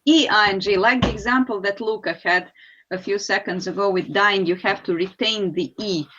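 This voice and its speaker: A woman teaches English grammar online, explaining each rule patiently and step by step. Her voice sits at a middling pitch and comes through a somewhat dull, lo-fi call connection. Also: normal speed, bright, forceful tone. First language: Serbian. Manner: patient, explanatory, calls on students by name.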